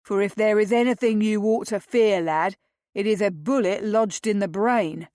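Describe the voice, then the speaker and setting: A woman's voice: medium pitch, moderate pace, darkish tone, dry recording, studio quality, natural voice. A woman voicing a cold, emotionless man who barks his orders and threats. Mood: contemptuous. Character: icy, soulless male servant with a pistol.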